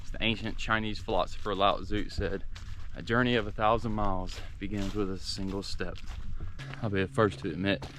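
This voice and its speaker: Southern American man, low voice, tired and sore, chatty vlog on a hiking trail, faint background noise. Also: flat delivery, a little fast, fairly bright tone. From southern United States. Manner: chatty, talking to the camera while hiking. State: tired and sore from a long hike. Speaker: hiking vlogger. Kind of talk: casual vlog narration on the trail. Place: outdoor forest hiking trail.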